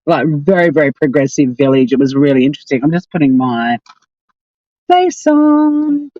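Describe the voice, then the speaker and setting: An Australian woman hosts a casual live stream, wandering from story to story in an offhand, rambling way. Her exasperation shows in quick asides. The sound is dry and close, and a bit dull and muffled. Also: extremely low pitch, warm tone, dry recording.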